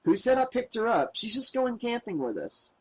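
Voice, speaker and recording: A man's voice: very high-pitched, very animated, normal speed, breathy edge, pitched above the performer's own voice, exaggerated voice, poor audio. A man voicing a smug teenage boy who brags and teases. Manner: teasing, boastful. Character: cocky teen boy, smug party guy. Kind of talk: audiobook character voice.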